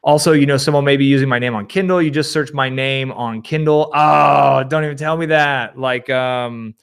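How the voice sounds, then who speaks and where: Animated man hosting a livestream. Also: mid-range voice, moderate pace, creaky, smooth. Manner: animated, rambling, reads comments aloud. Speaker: livestream host. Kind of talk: casual live Q&A.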